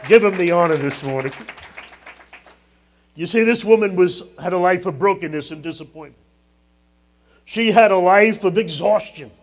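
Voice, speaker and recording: A man's voice: high-pitched, moderate pace, pauses often. A middle-aged man preaching a sermon as pastor, building emphasis and dropping in humorous asides.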